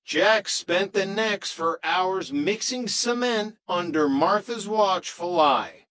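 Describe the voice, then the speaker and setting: A man narrating a comic story as a scripted storybook reading, in an even, unhurried way. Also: high voice, poor audio.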